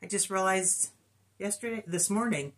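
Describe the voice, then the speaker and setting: A woman's voice: medium pitch, normal speed, fairly bright tone. A middle-aged woman co-hosting a cross-stitch video, chatting casually and reporting her stitch counts with self-deprecating humor. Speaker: co-host of a cross-stitch channel. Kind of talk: casual chat.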